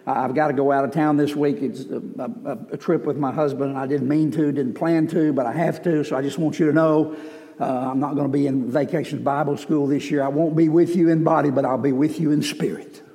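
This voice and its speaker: A man's voice: a little high, steady tone, brisk, warm tone, lightly acted. A man voicing a sweet older church volunteer woman who hesitantly apologizes for missing an event. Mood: apologetic. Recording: reverberant church hall.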